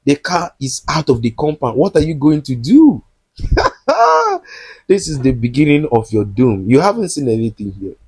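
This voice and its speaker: A man's voice: medium pitch, expressive, a little fast, hardly any pauses, warm tone, breathy edge, no room sound. A man recapping a film and commenting on it, scolding the characters directly in an indignant tone. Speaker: movie reviewer.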